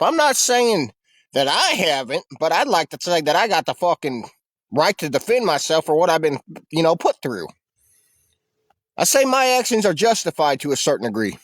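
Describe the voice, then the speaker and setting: A man's voice: on the high side, very animated, moderate pace, no room sound. A man ranting on his livestream in a heated, profane, defensive way. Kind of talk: casual livestream rant.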